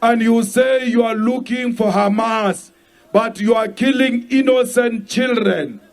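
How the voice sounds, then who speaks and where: A South African man giving a slow, emphatic rally speech and shouting some lines. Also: extremely high pitch. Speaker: political leader addressing a rally.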